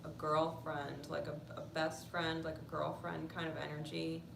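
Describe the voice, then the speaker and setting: A woman giving a casual tarot reading, blunt and profane, swinging into animated outbursts. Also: sits low, a little slow, creaky, recorded from a distance. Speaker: tarot reader. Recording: echoey room with noise.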